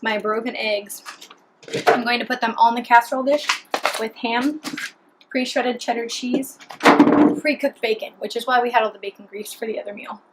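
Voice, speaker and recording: A woman's voice: fairly high pitch, steady tone, moderate pace, heavy background noise. A woman talking chattily and cheerfully through a home cooking vlog in her kitchen. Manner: chatty, upbeat, talks while eating. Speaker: cooking vlogger.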